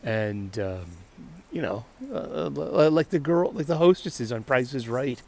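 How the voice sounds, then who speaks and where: A man's voice: medium pitch, animated, a little slow, gravelly, darkish tone. A man hosting a casual solo talk show, rambling with frequent restarts and laughter. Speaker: podcast host.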